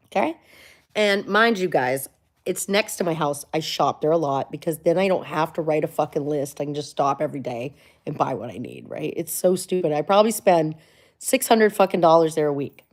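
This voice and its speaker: A woman's voice: low-pitched, lively intonation, moderate pace. A middle-aged woman vlogger from Florida, chatting casually and rambling through a story, full of likes and asides. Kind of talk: casual chat.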